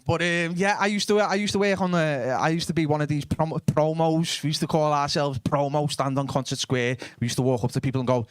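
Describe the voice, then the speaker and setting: A young Liverpool comedian doing stand-up with a blunt, sweary delivery, often talking back and forth with the audience. His voice sits fairly high for a man. The sound is dry and close, with little room in it. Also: little pitch movement, fairly quick, few pauses, clean tone, no room sound. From Liverpool, England. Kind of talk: live stand-up comedy with crowd work.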